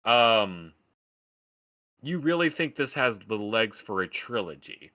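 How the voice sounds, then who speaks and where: A man's voice: fairly low pitch, sing-song, slow pace, sharp tone. A man from Oregon giving a sarcastic, profane rant in a casual podcast film review. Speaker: podcast host.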